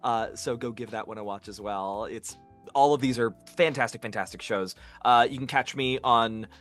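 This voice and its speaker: A man's voice: medium pitch, moderate pace, fairly bright tone, faint music behind. A man chatting casually on a virtual convention panel, swearing freely and laughing often. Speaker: voice actor panel guest. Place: online video call.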